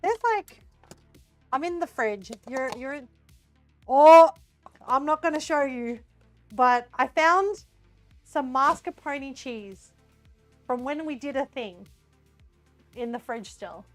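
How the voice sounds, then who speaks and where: A woman's voice: high-pitched, expressive, takes it slowly, pauses often, faint music behind. An Australian woman streamer chatting casually while she cooks in her home kitchen, giggly and scattered. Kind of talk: casual live-stream chat while cooking.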